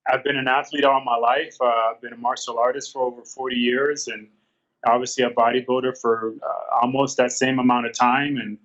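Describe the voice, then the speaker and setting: A man's voice: medium pitch, flat delivery, brisk, a bit bright, highs cut off. A man in his fifties telling his story as an interview guest, earnest and rambling, with many fillers and restarts. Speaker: guest, former pro bodybuilder.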